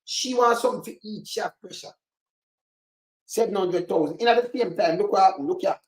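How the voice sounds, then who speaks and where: Jamaican speaker, middle pitch, indignant questioning complaint, roomy echo. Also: a little fast. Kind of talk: street complaint to camera.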